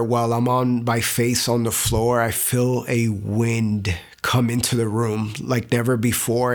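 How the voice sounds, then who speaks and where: A young man giving an earnest, emotional personal faith testimony, halting at times and repeating words. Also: mid-range voice. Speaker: testimony speaker.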